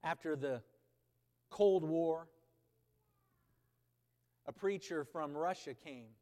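High-voiced preacher in an echoing hall. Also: male voice, slow pace. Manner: swings from loud emphatic preaching to quiet conversational asides. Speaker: pastor. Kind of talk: sermon. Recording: long reverb of a church hall.

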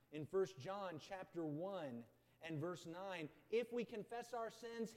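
A high-pitched male pastor delivers a sermon from the stage, his voice ringing with a long hall reverb. He swings from loud, urgent outbursts to low, hushed emphasis and repeats key phrases to drive them home. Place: stage in a large indoor church building.

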